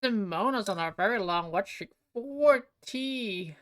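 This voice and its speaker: A woman's voice: medium pitch, expressive, measured pace, rough recording. A young adult woman streaming a game live, chatting casually and playfully with lots of "like" fillers. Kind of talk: casual live gameplay chat.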